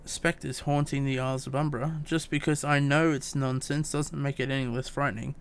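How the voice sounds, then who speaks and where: A man's voice: medium pitch, fairly even intonation, normal speed, clear, resonant tone, lightly acted. A man reading game dialogue aloud as a fussy, long-winded young woman scholar, stumbling over words. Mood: prim.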